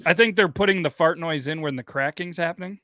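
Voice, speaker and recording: A man's voice: fairly high pitch, fast talker, fairly bright tone. A man hosting a casual podcast, chatting as he reacts to online videos, rambling with fillers and restarts. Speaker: podcast host.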